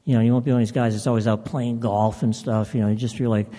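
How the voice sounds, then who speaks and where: A man voicing an excited, chatty woman on vacation who rambles eagerly. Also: on the low side, quick pace, lightly acted. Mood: dreamy. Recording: long hall reverb.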